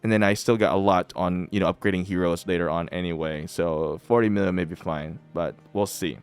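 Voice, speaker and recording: A man's voice: sits low, fairly even intonation, a little fast, clear, resonant tone, no echo, faint music behind. A man giving casual commentary while playing a mobile strategy game, chatty and teasing, often breaking into laughter.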